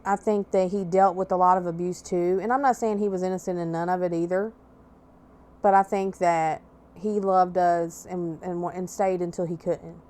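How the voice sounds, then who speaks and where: A woman's voice: on the low side, steady tone, moderate pace, a little mellow. A woman hosting a podcast, telling a personal story in a blunt, candid way with plenty of swearing. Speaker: podcast host.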